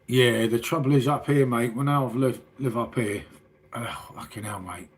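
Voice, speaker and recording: Husky english guy chatting on his livestream, sweary, mate this mate that. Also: medium pitch, normal speed. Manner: matey and sweary, calls everyone mate. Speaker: livestream host. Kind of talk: casual late-night livestream chat reading viewer comments.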